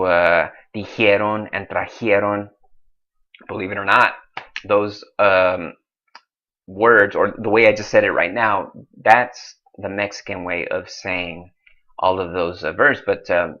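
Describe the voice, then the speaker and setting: A man teaching a Spanish lesson, slowly drilling verb forms and then explaining them in a casual, chatty way. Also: low voice, sharp tone. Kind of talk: recorded classroom lesson. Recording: dull lo-fi recording.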